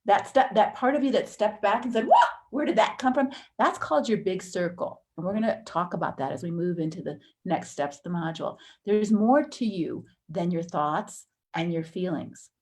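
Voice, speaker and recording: A woman teaching a counseling course in a conversational way, acting out inner thoughts with sudden jumps in pitch. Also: normal speed, hardly any pauses, a little mellow.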